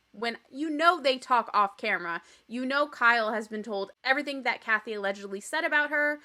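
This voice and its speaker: A woman's voice: sits high, sharp tone. A young adult woman hosting a podcast that recaps a reality TV show. She talks bluntly, swears freely, and mimics the people she quotes. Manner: opinionated, blunt and profane. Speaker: podcast host.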